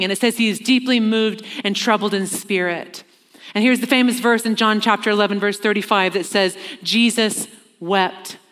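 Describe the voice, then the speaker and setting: A woman preaching a sermon in an earnest way, slowing down for emphasis and acting out the lines she quotes. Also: medium pitch, a bit bright. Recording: long reverb of a large hall.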